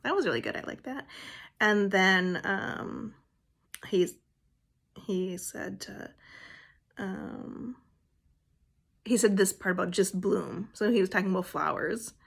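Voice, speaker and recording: Woman vlogger, rambling and emotional, casual chat at a middle pitch. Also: slow pace, vocal fry, pauses often, breathy edge. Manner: rambling, emotional, soft-spoken at times.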